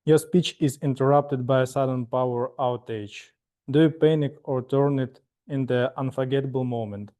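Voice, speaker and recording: A man giving an impromptu speech, hesitant and full of pauses and fillers. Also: mid-range voice, fairly even intonation, mellow. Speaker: club newcomer giving an impromptu answer.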